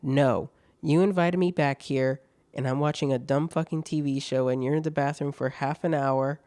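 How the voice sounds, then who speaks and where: A man's voice: mid-range voice, fairly even intonation, normal speed, a little mellow, smooth, dry recording, lightly acted. A man putting on the voice of an angry young woman on a date, shrieking crude insults. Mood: impatient.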